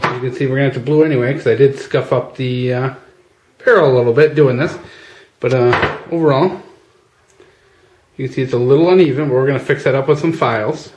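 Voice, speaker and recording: A chatty man talks viewers through a hands-on job in a relaxed, informal way, with plenty of fillers. His voice sits at an ordinary pitch and carries a noticeable echo, with faint ambient noise behind him. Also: a little fast. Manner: chatty, addresses viewers as guys, many fillers. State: out of breath at times. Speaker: channel host. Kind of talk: casual how-to demonstration. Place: outdoors at a workbench.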